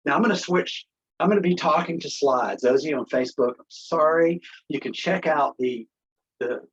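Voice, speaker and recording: A man's voice: medium pitch, slightly rough. Impassioned man on a muffled headset. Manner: impassioned, sarcastic, rambling. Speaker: election integrity activist host. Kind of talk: casual livestream briefing. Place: office.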